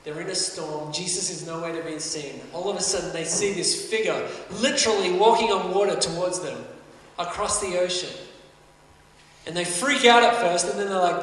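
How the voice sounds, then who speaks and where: A man's voice: high-pitched, moderate pace, pushed and bright. A man preaching a sermon, earnest and conversational, building emphasis as he goes. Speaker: pastor. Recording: echoey hall, mic at a distance.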